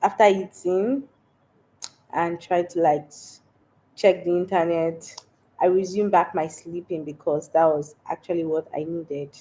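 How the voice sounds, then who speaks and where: A woman's voice: fairly low pitch, steady tone, a little slow, mellow. A young Nigerian woman with a stuffy, congested voice from a cold, chatting casually on a livestream and laughing often. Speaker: livestream host. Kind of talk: casual livestream chat reading comments.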